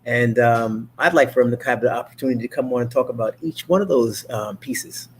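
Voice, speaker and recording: A man's voice: medium pitch, fairly quick, slight background noise. A man hosting his own talk show, chatting in a casual, rambling monologue full of fillers and restarts. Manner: mimics others' voices in animated quotes.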